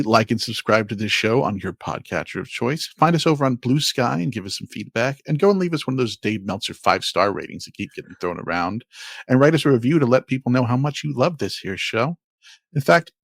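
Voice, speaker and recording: A man's voice: medium pitch, gravelly, no echo. A man hosting a podcast, reading intros and promos in an upbeat, emphatic, announcer-style way on a close mic. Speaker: podcast host. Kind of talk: casual podcast chat and promo reads.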